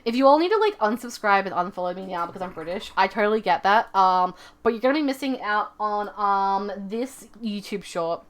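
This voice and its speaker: A woman's voice: mid-range voice, expressive, brisk, few pauses. A young woman streaming, chatting casually in a playful, rambling, giggly way. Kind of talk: casual live-stream chat.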